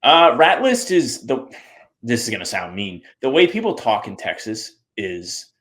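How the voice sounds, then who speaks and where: A man from the US Northeast, co-hosting a sports podcast in casual chat, animated and acting out the people he quotes. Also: mid-range voice, unhurried. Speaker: podcast co-host.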